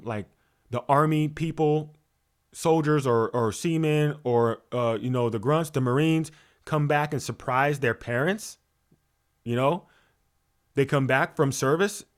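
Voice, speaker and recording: Preachy man with a lively teaching voice. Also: fairly high pitch. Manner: preachy, repeats words, many fillers and rhetorical questions. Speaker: spiritual coach. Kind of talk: motivational teaching talk.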